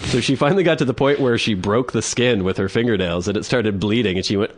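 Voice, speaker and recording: A man's voice: fairly low pitch, quick pace, few pauses. A young man co-hosting a comedy podcast, telling stories in casual chat and mimicking grunts and yelps. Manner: animated storytelling, mimics women's grunts. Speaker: podcast co-host.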